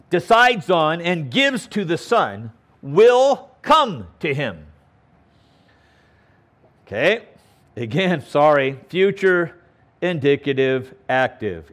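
A man's voice: a little high, fairly bright tone. A man teaching a Bible passage verse by verse, stressing words by repeating them and checking in with "okay?".

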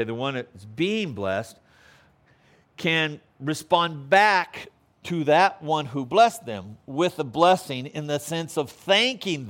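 A man leading a Bible lesson in an animated, conversational manner. His pitch moves a lot, from low murmured asides to lifted, emphatic declarations. He keeps checking in with his listeners and sometimes acts out quotes with playful voices. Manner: conversational, checks in with frequent "okay?"; rises to emphatic preaching on key points. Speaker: Bible teacher. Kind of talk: expository Bible teaching.

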